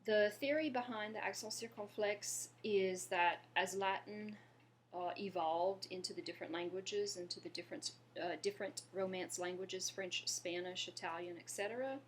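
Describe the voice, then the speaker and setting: A woman from Louisiana teaching a French lesson, patiently explaining and pausing to have listeners repeat after her. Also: mid-range voice, slight background noise. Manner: patient, slows down to model pronunciation and asks viewers to repeat. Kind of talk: language lesson.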